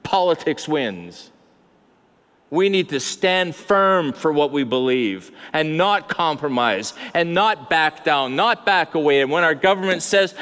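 A man's voice: fairly high pitch, lively intonation, a little slow, fairly bright tone. Older male pastor in a reverberant hall. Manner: conversational preaching with asides and rhetorical questions. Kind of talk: sermon.

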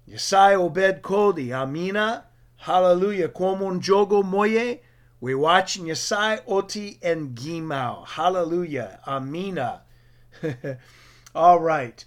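A man preaching a sermon for radio, slow and emphatic, drawing out key words. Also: high-pitched. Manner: slow, emphatic, drawn-out stresses.

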